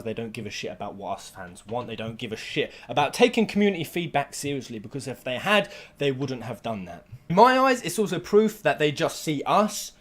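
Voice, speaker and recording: Sweary, heated man ranting. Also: mid-range voice. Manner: heated and sweary, with bursts of shouting. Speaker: gaming vlogger. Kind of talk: angry rant to camera.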